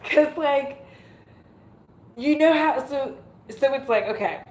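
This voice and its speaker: A young beauty YouTuber hosts a casual livestream from home, giggling often, poking fun at herself, swearing freely and goofing on words. Her voice sits high and is a little mellow, with a slow delivery and a roomy echo.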